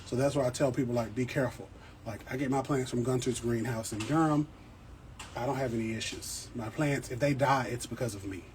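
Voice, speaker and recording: A man's voice: mid-range voice, a little fast, a little mellow, slight background noise. A man, hosting a casual plant livestream, chatty and joking, often checking in with his viewers. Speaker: plant channel host. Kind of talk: casual livestream chat answering viewer questions. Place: home indoors with plants.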